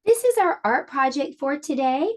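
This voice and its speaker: A woman's voice: high-pitched, expressive. A woman teaching a preschool lesson online, explaining a science activity and reading a storybook aloud to small children. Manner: sing-song and slow, explaining to small children.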